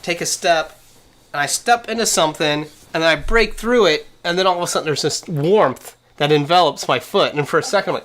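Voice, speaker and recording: A young man hosts a relaxed podcast chat, spinning a story and acting out the voices of everyone in it. His tone is bright and clear, and his delivery is lively. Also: fairly high pitch, moderate pace. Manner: animated storyteller, acts out quoted voices. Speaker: podcast host.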